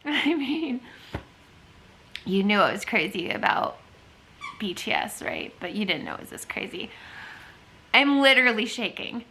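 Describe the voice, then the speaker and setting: A woman vlogging at home in a casual, expressive way, moving between soft talk and loud outbursts. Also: medium pitch, a little slow, vocal fry, pauses often, husky. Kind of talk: casual vlog chat to camera. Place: at home with her dogs.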